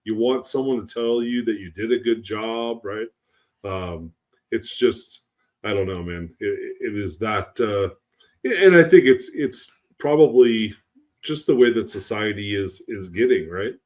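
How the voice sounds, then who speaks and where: A man's voice: on the low side, lively intonation, a little slow, darkish tone. A man co-hosting a podcast, in a laid-back casual chat that often tags on "right?". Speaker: podcast co-host.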